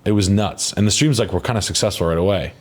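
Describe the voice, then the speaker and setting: Rapid, rambling, low-voiced man telling stories. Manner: rambling, profane, full of "like" and acted-out quotes. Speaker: interview guest. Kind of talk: casual storytelling interview.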